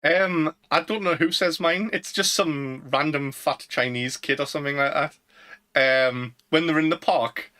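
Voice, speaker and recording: Bright-voiced British man, giggly. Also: a little high, unhurried. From Britain. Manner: giggly, rambling, trails off mid-sentence. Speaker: podcast co-host. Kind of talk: casual chat. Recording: live-streamed podcast.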